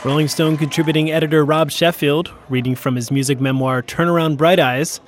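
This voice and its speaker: A man's voice: on the high side, fairly even intonation, brisk, crowd noise, background noise. A man co-hosting a radio show, explaining things in an upbeat scripted banter.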